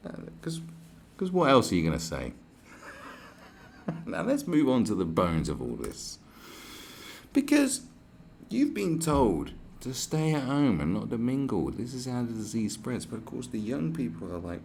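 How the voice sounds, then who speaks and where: A man's voice: medium pitch, very animated, unhurried, gravelly, a little mellow, slight background noise. A man with a British accent, delivering a mocking, profane, sarcastic rant in reply to comments. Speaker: commentary vlogger.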